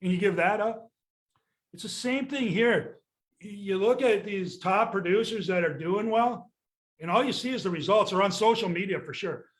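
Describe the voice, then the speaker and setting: Older guy ranting about sales, blunt and cranky, kinda high-pitched, cusses a lot. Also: moderate pace. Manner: blunt, exasperated, swears casually. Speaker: real estate sales coach. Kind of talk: candid podcast rant.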